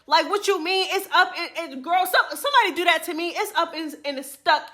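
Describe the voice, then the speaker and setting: A woman's voice: extremely high pitch, brisk, bright, forceful tone. A woman hosting a reality TV recap, talking in a sassy, chatty way full of slang and frequent laughter. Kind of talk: casual gossip commentary.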